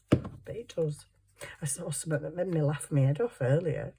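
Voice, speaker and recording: Older female vlogger, low pitch, rambling and giggly while she crafts; light background hiss. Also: animated, a little slow, dark tone. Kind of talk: casual chat while crafting.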